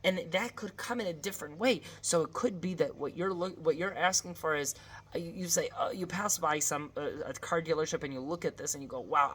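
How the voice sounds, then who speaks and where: A woman with a low voice gives a relaxed spoken lesson, talking directly to her listeners. She keeps checking in with a quick "right?" and grows earnest and pleading when she voices prayers. Faint background noise sits under her voice. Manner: conversational, often adds a questioning "right?". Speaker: teacher.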